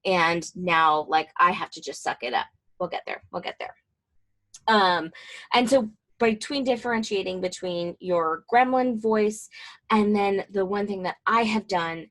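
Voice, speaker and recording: Speaking to other professionals, this woman in her twenties, a mental health counselor, keeps things casual and chatty, with many fillers and side remarks. She has a mid-range voice.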